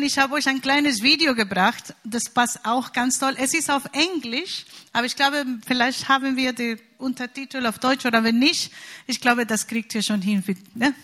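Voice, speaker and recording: A middle-aged woman from Costa Rica with a Costa Rican Spanish accent, chatting warmly to a congregation with fillers. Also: fairly high pitch. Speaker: church speaker. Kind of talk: casual address to a congregation.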